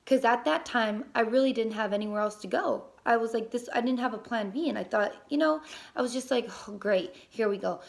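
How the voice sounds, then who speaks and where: A young woman casually telling a personal story as a mother, lively, with many fillers and casual swearing. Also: fairly high pitch, brisk, gravelly.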